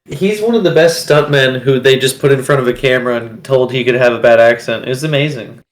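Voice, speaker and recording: A man with an average-pitched voice co-hosts a casual movie podcast. His delivery is dry and sarcastic, with teasing exaggeration. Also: fairly quick, low-quality recording. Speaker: podcast co-host.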